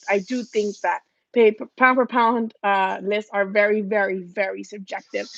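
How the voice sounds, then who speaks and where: A woman's voice: on the high side, no echo. A woman hosting a casual boxing livestream at home, chatting bluntly, swearing now and then, and answering viewer comments. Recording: dull lo-fi home livestream audio.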